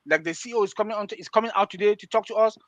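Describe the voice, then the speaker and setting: A man giving hyped sales talk on a webinar, excited and repetitive, challenging listeners. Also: high-pitched, very fast, no room sound, dull audio. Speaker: presenter.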